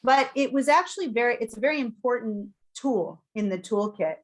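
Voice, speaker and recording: A middle-aged woman co-hosting a parenting podcast, telling a personal story in a casual, reflective way, laughing often and dropping into quiet soothing asides. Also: a little high, lively intonation, a little fast, poor audio. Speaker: podcast co-host.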